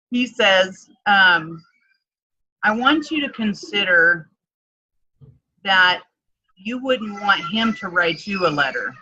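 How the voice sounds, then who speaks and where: Bright-voiced woman telling a story. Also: mid-range voice, slow pace, pauses often, muffled recording. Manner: animated, acts out quoted dialogue, frequent "like". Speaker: guest, transformation coach. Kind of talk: storytelling in a casual interview.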